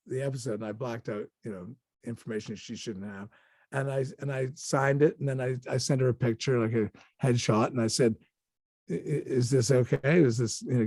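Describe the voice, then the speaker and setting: A man's voice: medium pitch, warm tone, no room sound, studio quality. An older male actor, a guest on an interview show, telling anecdotes casually with many restarts and acted-out quotes.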